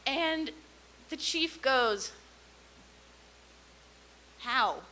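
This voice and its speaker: Bright-voiced woman doing stand-up. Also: a little high, unhurried, a little hiss or hum. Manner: animated, sarcastic storytelling. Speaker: stand-up comedian. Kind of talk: stand-up comedy set.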